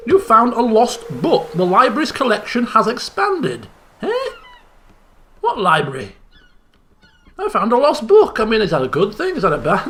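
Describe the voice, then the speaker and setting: A young man giving excitable let's play commentary, chattering and repeating phrases in bursts. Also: sits high, vocal fry, a little hiss or hum. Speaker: gaming channel host.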